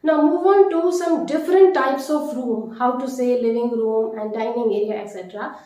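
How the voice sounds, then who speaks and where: A woman teaching a vocabulary lesson, repeating each word slowly and deliberately. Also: on the high side, mellow. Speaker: French teacher. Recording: very echoey room.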